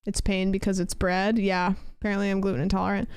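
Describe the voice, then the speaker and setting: A woman's voice: medium pitch, level tone, fast talker, darkish tone, clear, resonant tone, dry recording, clean studio sound. A young woman streaming a game, chatting casually and rambling as she answers her chat. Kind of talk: casual chat while gaming.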